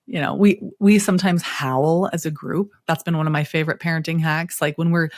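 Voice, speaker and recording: A middle-aged woman therapist speaking in an interview, expressive and storytelling with playful asides. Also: low-pitched, a little fast, no echo, studio quality. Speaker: therapist guest. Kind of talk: interview conversation.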